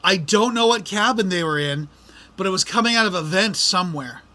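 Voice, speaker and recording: Middle-aged male host, casual monologue, exasperated rants, high and bright voice. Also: animated, fairly quick. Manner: exasperated, ranting complaints. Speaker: podcast host.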